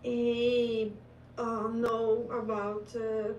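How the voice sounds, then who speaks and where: Slow, hesitant woman student. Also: a little high, little pitch movement, muffled recording, crowd noise. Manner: hesitant, searching for words with many fillers. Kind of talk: answering in class.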